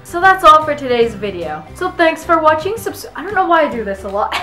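High-voiced bubbly woman vlogger. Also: very animated, a little fast, pushed and bright, faint music behind. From Canada (British Columbia). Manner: bubbly, playfully sarcastic. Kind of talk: comedic vlog talk.

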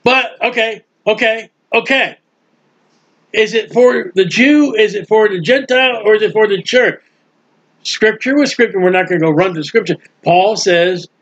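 High pitched guy preaching a bible study, super animated, muffled recording. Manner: animated, acts out bystanders' mocking voices. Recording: dull lo-fi recording.

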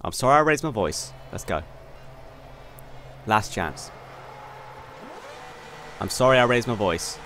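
A young man commentating on his own racing game run, excitable and quick to swear in frustration. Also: lowish voice. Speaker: gaming YouTuber. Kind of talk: gameplay commentary. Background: faint game car engine noise.

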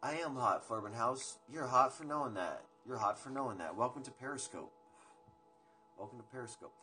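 A young man at home rambles through a casual livestream, chatty and unhurried, dropping the odd swear word. His pitch sits in an ordinary middle range. Music plays clearly behind him. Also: expressive, pushed and bright. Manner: rambling, loose and chatty, drops swear words. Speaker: livestream host. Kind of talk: casual livestream chat with viewers. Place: indoors at home. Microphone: phone livestream. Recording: music playing in the background.

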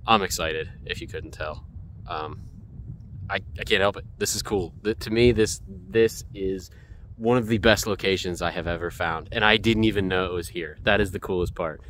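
Guy hiking a snowy trail, lowish voice, all gushy and excited, faint outdoor hiss. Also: normal speed. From United States. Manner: excitable, gushing, repeats himself. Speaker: hiking photography vlogger. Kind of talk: excited vlog narration while hiking.

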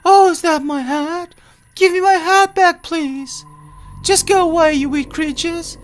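A gamer putting on a sweet, gentle little girl. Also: a little slow. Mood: pleading. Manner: high sweet tender girl voice. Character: young girl, gentle and kind-hearted. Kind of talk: reading game dialogue aloud.

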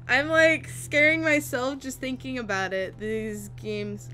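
A woman's voice: high-pitched, fairly even intonation, a little slow, hardly any pauses, pushed and bright. A woman hosting a horror game let's play, jumpy and giggly, shrieking at scares and joking about herself. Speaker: gaming video host. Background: game music and horror sounds.

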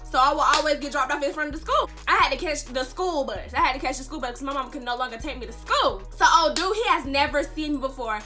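A young woman spins a dramatic storytime tale for her viewers. Her voice sits high and bright, with a sharp edge. She talks in casual slang, circles back to repeat her lines for emphasis, and a faint bed of music plays underneath. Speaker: vlogger. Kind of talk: storytime vlog.

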